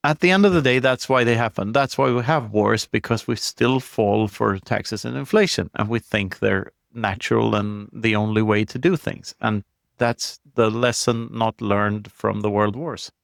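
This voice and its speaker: A man's voice: on the low side, normal speed, gravelly, no echo, studio quality. A man speaking as a podcast guest, blunt and opinionated, laughing often and swearing freely. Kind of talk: casual conversation.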